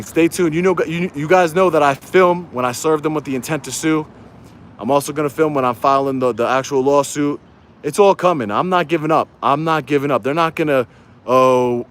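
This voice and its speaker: Livestreaming from his phone outdoors, a YouTube auditor rants angrily and repetitively while rallying his viewers. His medium-pitched voice is fairly quick and fairly bright.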